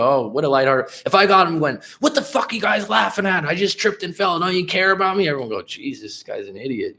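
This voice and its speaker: A man coaching viewers on a livestream in a blunt, profane, animated way, answering their comments. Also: mid-range voice. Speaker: relationship coach.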